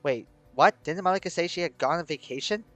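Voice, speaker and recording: A man's voice: on the high side, brisk, a bit bright, faint music behind. A man reading a game's story aloud, breaking off into shocked, incredulous reactions. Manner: shocked, incredulous outbursts between narration.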